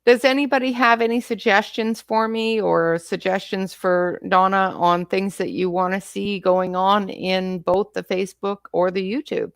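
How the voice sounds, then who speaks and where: A woman's voice: medium pitch, flat delivery, normal speed, creaky, hardly any pauses, no echo. Giggly Canadian woman on a live stream. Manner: laughs often, friendly, hesitant fillers. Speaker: co-host of a coloring live stream. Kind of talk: casual live stream chat.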